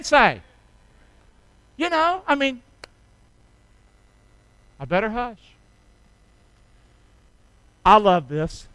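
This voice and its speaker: A man preaching a sermon, prompting his congregation to answer back, dropping soft and low at times and then bursting out loud. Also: lively intonation, measured pace, long pauses, clean tone, dry recording, rough recording. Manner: swings from soft and low to sudden loud shouts. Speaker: pastor.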